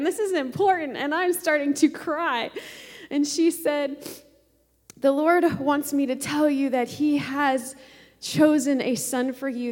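High-voiced woman pastor telling her story. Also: long reverb tail. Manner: emotional storytelling, quotes others in softer voice. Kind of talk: sermon testimony.

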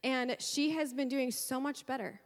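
A woman pastor delivers a fervent, emotional sermon in a high voice. Her words ring out into a church hall with a long reverb trailing behind them. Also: fairly even intonation, moderate pace. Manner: fervent and emotional, with sighs and repeated praise. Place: church sanctuary.

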